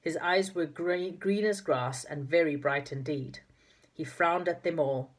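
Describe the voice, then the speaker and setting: A woman's voice: low-pitched, unhurried. A woman reading a children's storybook aloud, with occasional slips and corrections. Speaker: narrator.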